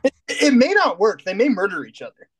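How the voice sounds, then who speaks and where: A young man with a notably high voice co-hosts a casual podcast. He is easygoing and jokey, and he often laughs at his own lines. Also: sing-song, fairly quick. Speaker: podcast co-host. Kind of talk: casual chat.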